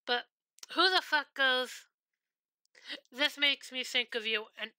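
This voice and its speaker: Bright, crisp-voiced woman game streamer. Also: high-pitched, slow pace, dry recording. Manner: rambling, profane storytelling. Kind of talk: casual streaming chat.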